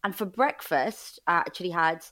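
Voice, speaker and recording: A woman's voice: lowish voice, animated, normal speed, bright, forceful tone. Woman in her thirties, podcast guest at home, chatty and candid. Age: 30s. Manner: chatty and candid, heavy use of "like". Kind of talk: casual conversational interview.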